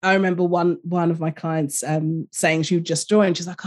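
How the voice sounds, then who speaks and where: A woman with a London accent and a fairly low voice speaks with animated energy, often breaking into laughter and quick agreement. She talks casually as a guest on a podcast, sharing her experience as a coach. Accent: London English. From London, England.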